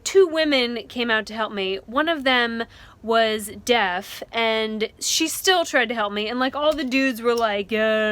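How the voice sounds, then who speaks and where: A woman's voice: a little high, bright, forceful tone. A young woman vlogging outdoors at night beside a beach, frazzled and emotional, swearing and laughing nervously. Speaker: van life vlogger. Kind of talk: casual vlog.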